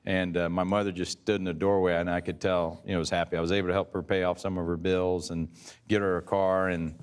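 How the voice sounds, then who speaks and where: A man in his sixties, a former pitcher, telling rambling stories in a casual interview and often correcting himself mid-sentence. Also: level tone, fast, smooth. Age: 60s. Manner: rambling, self-correcting storyteller.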